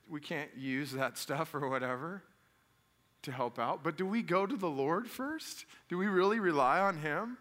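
A man, a father, preaching a conversational sermon, putting questions to the congregation and jumping to loud emphatic peaks. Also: a little high, animated, moderate pace. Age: adult father. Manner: talks directly to the congregation with questions.

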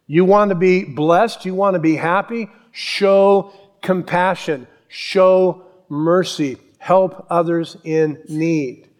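A man preaching a sermon, telling Bible stories with animated acted-out voices. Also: sits high, takes it slowly. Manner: animated storytelling, acts out voices and yells. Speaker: pastor.

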